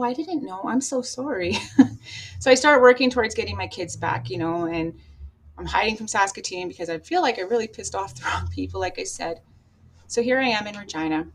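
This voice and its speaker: Blunt, profane woman telling her story. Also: mid-range voice. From Canada. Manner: blunt and profane, acts out past dialogue, laughs at herself. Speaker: podcast guest telling her life story. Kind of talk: candid personal storytelling.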